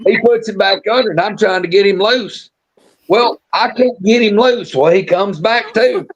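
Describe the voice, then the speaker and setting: Casual storytelling from a live show: a man with a high-pitched voice and a moderate pace drawls his way through a folksy yarn, restarting sentences as he goes. The stream's sound is muffled and low-fidelity.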